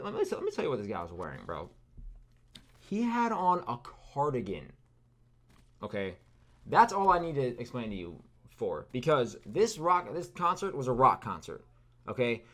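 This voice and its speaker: A man in his thirties from California, telling a rambling, sarcastic story full of fillers and asides over gameplay. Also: mid-range voice. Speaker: gaming video creator.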